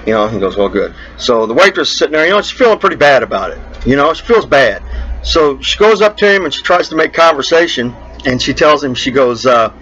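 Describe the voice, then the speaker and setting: A man's voice: a little high, very animated, fairly quick, fairly bright tone, husky, dull audio. A man hosting a show, telling jokes in a rambling, casual way and repeating "he goes" between quotes.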